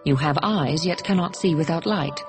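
Very low-voiced woman reading calmly. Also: normal speed, over music. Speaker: audiobook narrator. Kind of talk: scripted narration.

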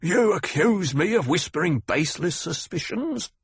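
A man voicing a proud, prickly older security chief who talks in a clipped, defensive, growling way with a raspy voice. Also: on the high side, lively intonation, normal speed, dry recording, pitched above the performer's own voice, full character voice. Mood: stiff, defensive. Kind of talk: audiobook character voice.

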